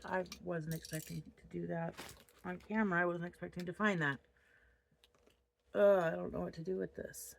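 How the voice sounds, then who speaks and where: A woman's voice: medium pitch, steady tone, a little fast, gravelly, a little mellow, a little hiss or hum. A woman in her thirties chatting casually to camera from her home office, rambling and openly upset. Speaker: crochet vlogger.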